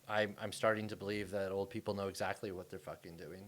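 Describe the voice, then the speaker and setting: Male podcast host, low voice, enthusiastic and profane banter. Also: a bit bright. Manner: laughing, enthusiastic, swearing freely. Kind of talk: casual podcast conversation.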